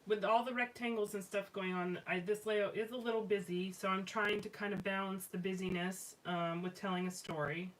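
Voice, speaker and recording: Speaking at a normal speed with hardly any pauses, a woman with a medium, slightly bright voice and mostly even intonation rambles casually through a live scrapbooking stream she hosts. She uses lots of fillers and restarts, and the mic is slightly distant with faint noise behind her.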